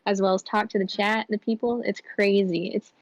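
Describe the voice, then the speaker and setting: A woman guesting on a podcast, chatting in a calm, easygoing way. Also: medium pitch, a little fast, dry recording, highs cut off. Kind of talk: casual chat.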